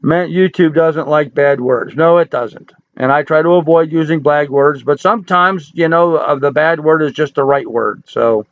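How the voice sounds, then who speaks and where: A man's voice: fairly high pitch, normal speed, hardly any pauses, no echo, phone-quality sound. A man in his sixties hosting a casual livestream, reading viewer comments and answering in a folksy, joking, chatty way. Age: 60s. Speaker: livestream host.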